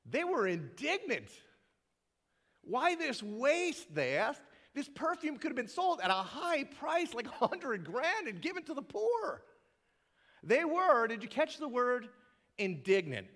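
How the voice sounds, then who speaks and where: A man preaching a sermon in a church sanctuary, and he acts out the scripture with a lot of drama. His voice sits a touch high and leaps widely from low murmurs to excited peaks. A long reverb from the big hall trails after every phrase. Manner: animated, dramatic delivery acting out scripture quotes. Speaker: pastor.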